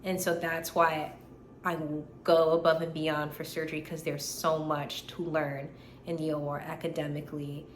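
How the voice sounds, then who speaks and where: A woman in her twenties, a medical student vlogging in a casual, animated way, tired and still recovering from being sick, with lots of fillers and repeated words. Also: low voice, moderate pace. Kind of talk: casual chat. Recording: echoey room, faint background hiss.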